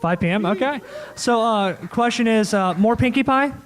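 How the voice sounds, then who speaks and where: High-voiced joking man moderating a panel. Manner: joking, laughing, quick asides. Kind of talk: casual convention panel chat. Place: convention panel room.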